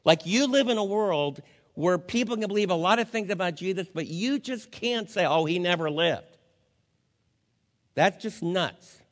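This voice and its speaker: A male pastor preaching at a funeral with a fairly high voice. He speaks earnestly and conversationally, addressing the congregation directly. A long reverb trails his words through the church sanctuary. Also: expressive, normal speed. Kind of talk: funeral sermon.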